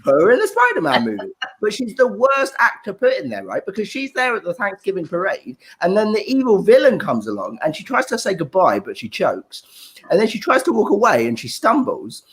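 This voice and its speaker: Comedy compere, male, animated intonation, self-mocking and chatty. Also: high voice, brisk. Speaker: comedy show host. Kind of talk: online stand-up compering.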